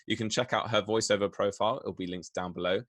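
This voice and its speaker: A man hosting a short interview, friendly and brisk in how he talks. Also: on the low side, fairly even intonation, a bit bright, no room sound. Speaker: host.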